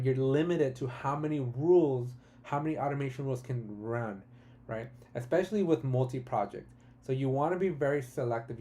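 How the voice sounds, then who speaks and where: A man hosting a live-streamed software tutorial, talking casually and enthusiastically, often adding "right?" and restarting his sentences. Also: medium pitch. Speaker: tutorial host.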